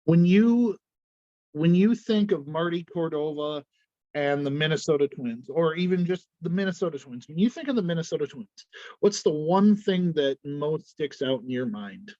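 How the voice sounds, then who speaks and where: A man's voice: on the high side, expressive, normal speed, mellow, dry recording. A man hosting a podcast interview, throwing out brief, to-the-point prompts. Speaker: podcast host. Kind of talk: interview, quick-fire prompts. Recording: dry, dull lo-fi sound.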